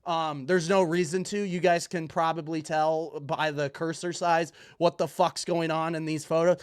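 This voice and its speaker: A man's voice: fairly high pitch, little pitch movement, moderate pace, smooth. A man hosting a livestream, giving profane, incredulous commentary as he reacts to online posts. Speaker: livestream host.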